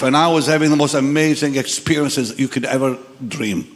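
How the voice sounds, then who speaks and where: A man in his seventies preaching a dramatic sermon testimony to a large congregation. He swings from hushed tones to sudden shouts. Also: medium pitch, fairly even intonation, brisk. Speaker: pastor. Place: large church or crusade hall with congregation. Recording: echoey hall sound.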